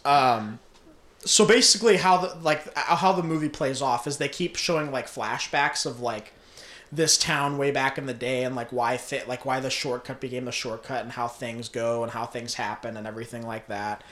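At a moderate pace and medium pitch, a young man casually walks through a film's plot, cursing freely and laughing often in an animated way. The room gives the recording an echo.

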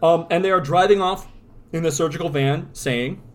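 A man's voice: a little high, moderate pace. A man co-hosting a podcast in casual chat, describing comic panels aloud and swearing freely. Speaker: podcast co-host.

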